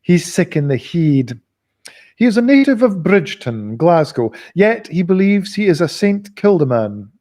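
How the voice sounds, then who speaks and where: A man reading a novel aloud in a live reading, expressive and giving the characters voices. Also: high voice, measured pace. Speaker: audiobook reader.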